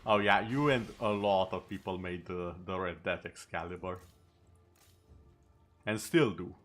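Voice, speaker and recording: Guy streaming a game, lowish voice, chill chatty with sarcastic jokes, bit of game music behind. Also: unhurried, fairly bright tone. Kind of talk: casual gameplay chat.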